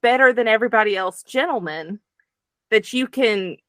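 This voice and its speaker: A woman guest on a movie podcast, gushing in easy conversation. Her voice is mid-pitched and recorded dry and close. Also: animated, normal speed, a bit bright, clear, resonant tone, dry recording. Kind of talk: casual movie podcast chat.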